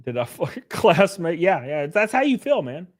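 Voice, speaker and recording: A livestream host with a slightly high, very animated voice talks at normal speed. His casual rant rambles and includes swearing, alternating loud bursts with quiet mutters, and he keeps chuckling.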